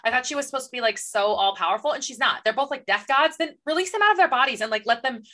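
A woman's voice: high voice, animated, fast talker, fairly bright tone. A woman co-hosting a casual book podcast, sarcastic and swearing often as she picks the story apart. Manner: sarcastic, swears, mocks characters in put-on quotes. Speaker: podcast co-host. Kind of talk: casual book-recap chat.

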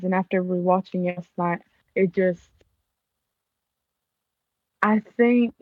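A woman's voice: medium pitch, no echo, phone-quality sound. A young woman co-hosting a casual podcast chat, thoughtful and laughing often. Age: young adult. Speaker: co-host.

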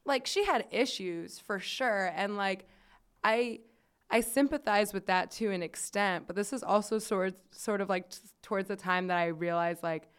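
A woman's voice: medium pitch, normal speed, clean tone. A woman podcast host telling a story in casual chat, chatty and swearing freely, with lots of "like" fillers.

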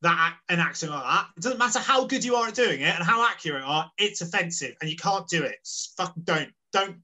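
A man's voice: sits high, animated, quick pace, pushed and bright. A young man, co-hosting a podcast in a brash, sweary, joking chat. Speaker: podcast co-host. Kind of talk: casual chat.

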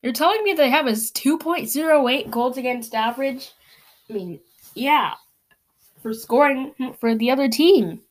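A woman reading hockey stats aloud in a sarcastic, exasperated rant, her voice worn from yelling. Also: high voice, animated, normal speed. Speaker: sports fan commentator.

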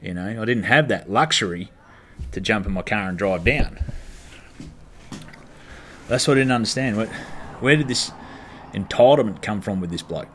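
A man's voice: lowish voice, moderate pace, long pauses, a bit bright, a little hiss or hum. An Australian man, a stand-up comedian, telling a story in a casual monologue, blunt and heavily profane, ranting in exasperation.

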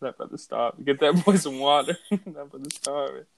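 A man's voice: mid-range voice, normal speed, gravelly, rough recording. A young man co-hosting a podcast in casual chat, laid-back and slangy, often chuckling. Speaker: podcast co-host.

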